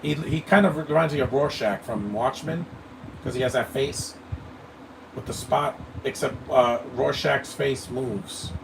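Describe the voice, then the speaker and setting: A man's voice: medium pitch, a little slow, creaky. A man giving live movie commentary, blunt and opinionated, rambling and stammering over his words. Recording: distant mic with air-conditioning hum.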